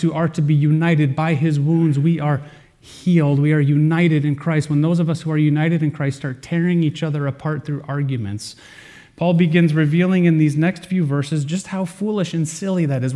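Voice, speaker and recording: Earnest male pastor, warm dark tone. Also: fairly high pitch. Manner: earnest preaching with dramatic pauses and shifts in volume. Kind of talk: sermon.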